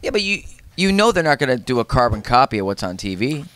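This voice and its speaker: A man co-hosting a casual film review podcast, talking in an animated way and repeating words when excited. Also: mid-range voice, fast talker, no room sound. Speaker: podcast co-host.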